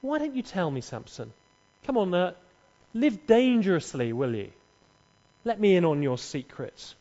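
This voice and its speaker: A man's voice: high voice, very animated, unhurried, mellow, full character voice. A man putting on the voice of a scheming young woman, coaxing and teasing, in an echoey hall. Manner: wheedling, teasing, pleading. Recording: echoey, dull hall recording.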